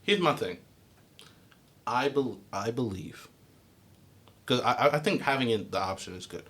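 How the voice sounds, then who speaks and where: This young podcast co-host has a medium-pitched voice and an unhurried delivery. Chatting casually, he spins lively stories, does voices for the characters, and curses without restraint.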